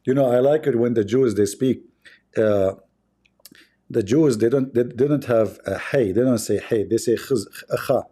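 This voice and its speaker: Man, mocking and mellow. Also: mid-range voice, moderate pace, breathy edge. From Arab world. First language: Arabic. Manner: sarcastic, repetitive, chuckling asides. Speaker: livestream host. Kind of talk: mocking livestream commentary.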